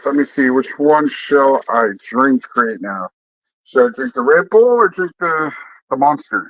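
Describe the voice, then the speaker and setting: A man talks to his viewers in a loose, rambling chat, swearing freely and circling back with fillers and restarts. His voice sits at a middling pitch. The recording is dry and a little dull, like a lo-fi home setup. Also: lively intonation, a little slow, a bit bright, no room sound. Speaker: vlogger chatting with viewers.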